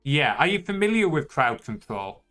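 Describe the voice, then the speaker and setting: A man's voice: a little high, sing-song, moderate pace, sharp tone, soft background music. A young man with a Yorkshire accent, chatting casually as a streamer, laid-back and swearing freely. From northern England. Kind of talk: casual chat.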